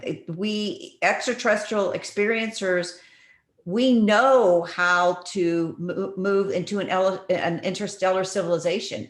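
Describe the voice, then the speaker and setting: A woman talking earnestly on a video call, telling stories with many restarts. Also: lowish voice. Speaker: guest speaker. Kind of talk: casual talk on a video call. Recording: roomy video call audio.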